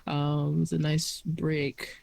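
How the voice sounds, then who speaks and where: A game master narrates a tabletop role-play in a hesitant, meandering way. The voice sits in an ordinary middle pitch. Sentences often trail off and restart. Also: monotone, slow pace, gravelly, a little mellow. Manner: hesitant, lots of fillers and restarts.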